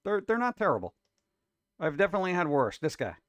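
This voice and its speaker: A man's voice: sits high, sing-song, fast, no room sound. A man hosting a casual reaction show about food videos, talking in an exasperated, wisecracking way.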